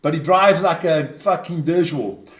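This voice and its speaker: A South African man co-hosts a rugby watchalong in casual, jokey banter. His voice sits high for a man. The sound rings around an echoey room. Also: measured pace. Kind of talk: casual sports chat.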